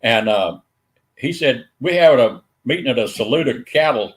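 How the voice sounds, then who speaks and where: Older southern man, guest, dry humor, easygoing, mid pitch. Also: expressive, moderate pace. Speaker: guest speaker. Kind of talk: casual storytelling chat.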